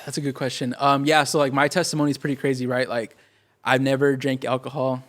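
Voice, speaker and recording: A young man, a pastor, telling his story in a casual podcast interview, rapid and animated, full of fillers and acted-out quotes. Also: medium pitch. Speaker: pastor and guest. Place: podcast studio.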